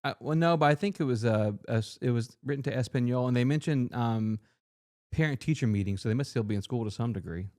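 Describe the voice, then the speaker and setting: A male podcast co-host from Florida with a middle-pitched voice. He talks in casual comedic banter, deadpan and halting, stopping and restarting his sentences.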